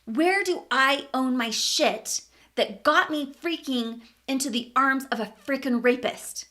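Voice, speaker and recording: A woman's voice: high-pitched, measured pace, bright, forceful tone. A woman vlogger telling a personal story in a candid, emphatic way, swearing casually.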